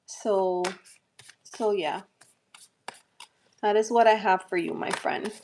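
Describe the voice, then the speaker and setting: A woman with a light New Jersey accent speaks in an unhurried, gentle way, reassuring her viewers during a live tarot stream. Her talk is loose and chatty, full of fillers and small restarts, at a mid pitch. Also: steady tone, a little hiss or hum. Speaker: tarot reader hosting a livestream. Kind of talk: live-stream chat and readings.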